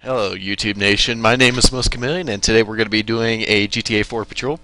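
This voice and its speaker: A man's voice: fairly low pitch, fairly even intonation, quick pace, pushed and bright, faint music behind. A man hosting his own channel, giving gameplay commentary and joking as he rants at other drivers. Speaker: gaming channel host.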